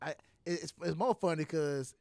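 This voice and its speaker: A man's voice: on the high side, normal speed, creaky, a little mellow, dry recording, clean studio sound. A man hosting a podcast, telling stories in casual chat and often saying "you know what I'm saying". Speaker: podcast host.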